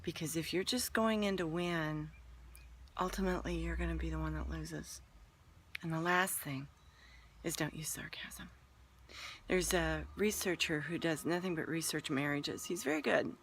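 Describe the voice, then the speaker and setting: A woman hosts a relationship advice talk in a fairly low voice. She is earnest and emphatic, repeating her key points and sometimes sinking to a near whisper to stress them. Faint room ambience sits under her voice. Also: normal speed, a bit bright, slight background noise.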